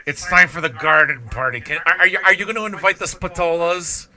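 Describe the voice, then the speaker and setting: A man's voice: on the high side, fairly quick, sharp tone, pitched above the performer's own voice. A man putting on a fussy, gossipy suburban neighbor who gushes over garden parties. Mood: gushing.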